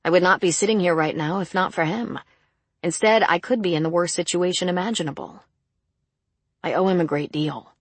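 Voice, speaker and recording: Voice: medium pitch, fairly quick, fairly bright tone, no room sound. A reader voicing an earnest, self-questioning woman criminal psychologist in an audiobook. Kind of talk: audiobook character reading.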